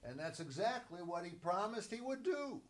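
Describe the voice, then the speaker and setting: A man's voice: high voice, sing-song, normal speed. A man teaching from the Bible, stressing key words by repeating them and answering his own questions.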